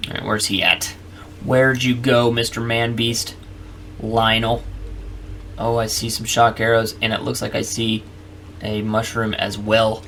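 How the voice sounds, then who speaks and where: A man's voice: fairly low pitch, little pitch movement, unhurried, a bit bright, slight background noise. A man hosting a let's play, chatting casually and narrating each move to the viewer. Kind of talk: casual gameplay commentary.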